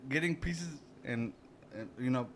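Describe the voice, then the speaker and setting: A man's voice: medium pitch, a little slow, a little hiss or hum. A man co-hosting a podcast, telling a drunken story in casual chat, rambling and profane, full of "you know" and restarts. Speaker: podcast co-host.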